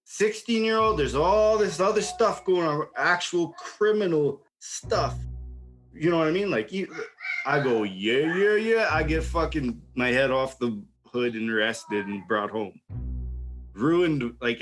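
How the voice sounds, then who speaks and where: A man's voice: fairly high pitch, unhurried, a bit bright, faint music behind. A young man telling a wild story in casual chat, swearing, laughing and acting out what people said. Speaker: podcast host telling a story.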